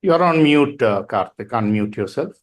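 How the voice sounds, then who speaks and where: A man's voice: mid-range voice, animated, moderate pace. A man hosting an online recovery meeting over a video call, plainly relaying a question to the speaker. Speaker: meeting host.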